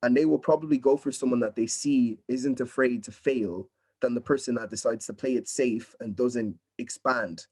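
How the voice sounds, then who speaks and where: A man's voice: mid-range voice, normal speed, hardly any pauses, darkish tone, slightly rough. A young man from Nigeria, a drama student, talking casually and earnestly in an interview over a video call, encouraging and often adding "you know what I mean". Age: young adult.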